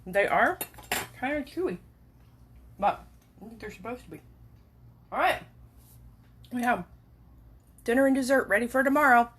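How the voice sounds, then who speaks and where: Woman cooing to her cats, lively voice. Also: normal speed, long pauses, breathy edge. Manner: coos in high baby talk to her cats. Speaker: home cooking vlogger. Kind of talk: casual chat to camera and pets. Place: home, indoors.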